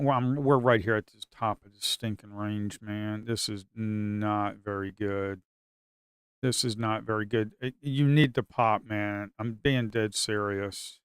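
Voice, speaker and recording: A man streams his live trading with casual commentary, talking bluntly, swearing, and repeating himself as he gets exasperated. His voice is medium-pitched, clear and resonant, with clean studio sound and no room sound.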